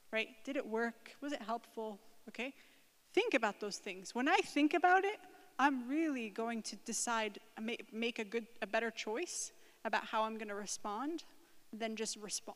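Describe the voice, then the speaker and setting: A woman's voice: on the high side, a bit bright. A woman giving a conversational parenting talk to a group, often checking in with the room by asking "right?" and "okay?". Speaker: speaker at a parenting workshop. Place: church hall. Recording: echoing hall with long reverb.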